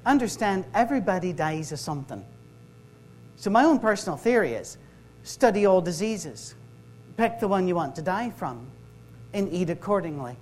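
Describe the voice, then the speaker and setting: A middle-aged man with a Scottish accent giving a humorous sermon-style talk to a live audience, conversational and full of quick asides. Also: high-pitched, animated, faint music behind. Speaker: campus ministry speaker. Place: workshop room with a live audience.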